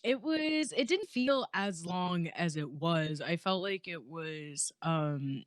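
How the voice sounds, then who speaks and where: A woman's voice: fairly low pitch, expressive, slow pace, dry recording, studio quality. A young woman co-hosting a casual podcast, upbeat and full of fillers. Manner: upbeat, laughing, filler-heavy. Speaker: podcast co-host.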